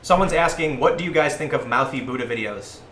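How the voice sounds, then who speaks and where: A man in his thirties hosting a casual live stream, telling rambling, animated stories and acting out what people said to him. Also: medium pitch, brisk, a crowd in the background. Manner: rambling, animated storytelling, acting out quoted voices. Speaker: livestream host. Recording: echoey room, faint noise.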